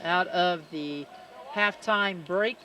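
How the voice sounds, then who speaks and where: High-voiced small-town basketball announcer. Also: male voice, music in the background. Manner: chatty, joking, fast-running sports patter. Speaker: play-by-play announcer. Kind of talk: high school basketball commentary. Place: school gym. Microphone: headset.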